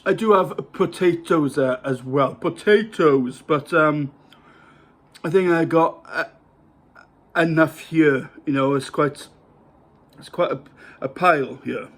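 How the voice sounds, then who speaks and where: A man's voice: on the high side, slow, pauses often. A man from Wales with a Welsh accent, talking casually to camera about his meal at home, rambling and hesitant with many fillers. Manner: rambling, hesitant, self-mocking. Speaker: vlogger. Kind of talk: casual to-camera food vlog.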